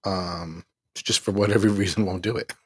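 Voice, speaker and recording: A middle-aged man hosting a livestream, talking in a weary, exasperated way with a husky voice and rueful laughs while he reads the chat. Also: low voice, fairly even intonation, fairly quick, slight background noise. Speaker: livestream host. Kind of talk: venting on a livestream, reading chat.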